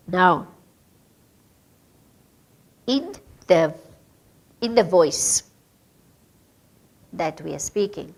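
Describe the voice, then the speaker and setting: A woman's voice: lowish voice, creaky. A woman with a Namibian English accent leading a radio training workshop, asking the group questions, with hesitant fillers.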